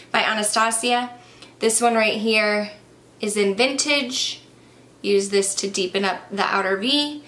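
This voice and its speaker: A woman's voice: mid-range voice, fairly bright tone. A young woman chatting casually and enthusiastically through a makeup review, a little out of breath. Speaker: beauty vlogger.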